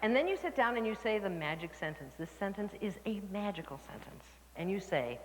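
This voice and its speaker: A woman speaker telling lively stories to a workshop audience, laughing and acting out the people she quotes. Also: medium pitch, fairly quick, hardly any pauses. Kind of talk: storytelling talk to a live audience. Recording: reverberant hall with faint noise.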